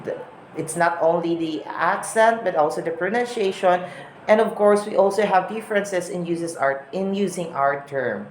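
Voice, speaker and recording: A young woman with a Filipino accent gives a recorded class report, explaining points deliberately and often opening with "well" or "so as you can see.". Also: lowish voice, a little hiss or hum. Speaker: student presenter. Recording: roomy echo, faint background ambience.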